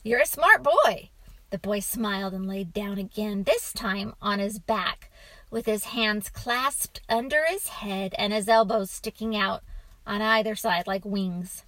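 A woman narrating a children's storybook in a calm, even reading voice. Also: mid-range voice, a little slow, no room sound, low-quality recording.

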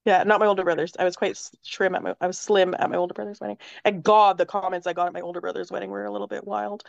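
A woman's voice: mid-range voice, fairly even intonation, racing, gravelly, no room sound. Candid, laughing woman, dull podcast sound. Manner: candid, swears freely, laughs often. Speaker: podcast guest. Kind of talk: casual chat.

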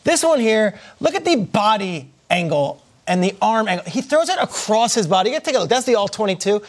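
A man breaking down football highlights on a morning show, earnestly pointing out angles and details. His voice sits notably high for a man. He keeps an even, explanatory delivery. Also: a little fast. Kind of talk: sports highlight analysis.

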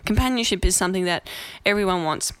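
Talking fast in a smooth, medium-pitched voice, this woman in her 20s is slightly tipsy as she rants casually to camera on her vlog. She rambles in a chatty, self-mocking way, and there's no echo.

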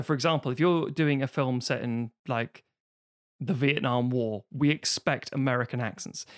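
A man chatting casually as a podcast co-host, rambling and swearing freely. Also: a little high. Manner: rambling, swears freely, slips into mock voices. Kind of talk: casual chat.

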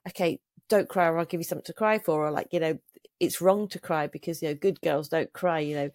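A woman's voice: fairly low pitch, dry recording, studio quality. An older woman hosting a podcast in casual conversation, telling stories and acting out the voices of the people she quotes. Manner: warm-hearted storyteller who acts out quoted voices. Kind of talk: casual interview chat.

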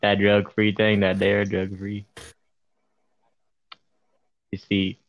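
A man's voice: lowish voice, monotone, slow pace, muffled recording. A young man, joking in casual chat with friends and calling them "bro.". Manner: joking, slangy, calls people "bro". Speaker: friend in conversation.

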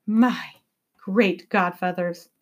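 A fussy elderly professor who flusters easily, voiced by a woman reading a storybook aloud. He keeps his voice hushed and breathy, and it sits slightly high. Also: lively intonation, moderate pace. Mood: fussing.

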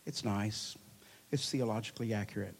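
A man preaching a charismatic sermon to a congregation, animated and joking, his loudness swinging from soft asides to loud bursts. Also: fairly low pitch, normal speed, gravelly, slight background noise. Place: church hall before a congregation.

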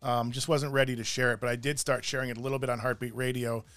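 A man's voice: medium pitch, level tone, fast, fairly bright tone, no room sound. A man co-hosting a faith and family talk show, speaking casually in a rambling, emotional way, often breaking off mid-sentence. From Irish heritage. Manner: emotional, rambling, self-interrupting. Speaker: podcast co-host. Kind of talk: casual chat. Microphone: studio mic with cough button.

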